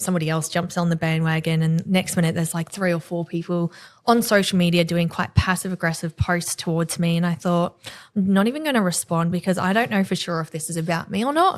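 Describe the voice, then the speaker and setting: Australian woman telling a personal story. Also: fairly low pitch. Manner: emotional storytelling, acting out quoted exchanges. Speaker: podcast guest, salon owner. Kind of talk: candid podcast conversation.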